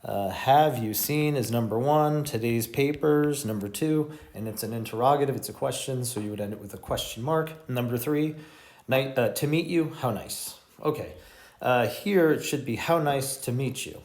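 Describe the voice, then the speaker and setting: An American man teaching English grammar in an online lesson, explaining lively and correcting himself as he works through the exercises. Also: mid-range voice, normal speed, echoey room. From United States.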